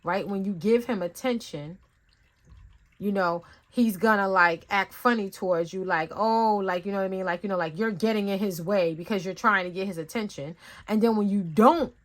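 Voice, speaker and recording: A woman gives a spiritual card reading in a loose, talkative way. She rambles and circles back, stacking up "you know" and "like" as she goes. Her voice sits at a middle pitch, and she tells her stories with animated energy. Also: moderate pace. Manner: rambling and conversational, many fillers; animated storytelling with acted-out asides. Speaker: tarot reader. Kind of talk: casual spiritual reading talk.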